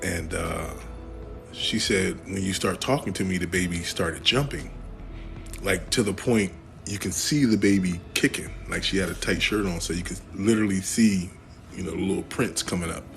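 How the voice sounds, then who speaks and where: A man casually telling a personal story, jokey and animated, his voice jumping higher when he quotes people. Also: normal speed, gravelly, faint music behind. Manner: jokey, uses "y'all". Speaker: storyteller in a shared clip.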